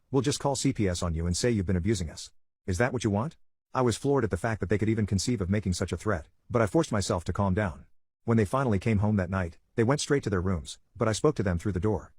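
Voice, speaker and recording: A man reading online stories aloud in a rapid, steady read-aloud delivery. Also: fairly low pitch, breathy edge, no room sound, clean studio sound. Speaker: story narrator.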